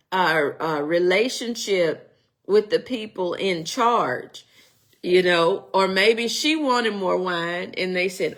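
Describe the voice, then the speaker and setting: A woman's voice: fairly low pitch, fairly bright tone. A middle-aged woman teaching a casual Sunday school Bible lesson, chatty and digressive, joking and restarting her sentences.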